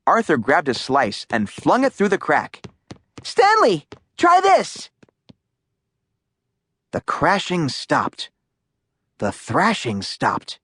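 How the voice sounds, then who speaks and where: A woman narrating a children's audiobook in a slow, lively storytelling voice. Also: very deep voice, husky.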